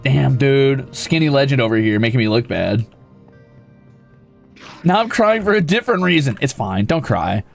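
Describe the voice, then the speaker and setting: Male streamer, casual chat, cheeky and mock-boastful, lively pitch with a gravelly edge. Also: moderate pace, long pauses, soft background music. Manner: playful, teasing, mock-boastful. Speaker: VTuber streamer.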